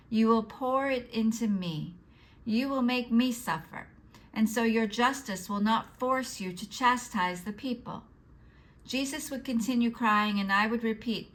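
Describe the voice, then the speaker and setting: A woman giving an earnest, measured reading of a religious text aloud. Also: a little high, fairly bright tone, low-quality recording. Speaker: devotional reader.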